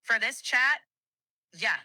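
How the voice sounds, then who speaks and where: Ai assistant lady voice, slow and polite, really bright and crisp, dry. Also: on the high side, animated, dry recording. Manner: polite, measured, accommodating. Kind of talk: conversational AI replies.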